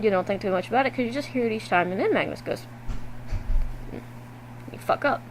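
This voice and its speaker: A woman vlogging to her webcam at home, recapping a video game in a loose, animated way and swearing freely. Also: medium pitch, slight background noise, poor audio. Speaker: gaming vlogger. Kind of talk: casual game recap to camera.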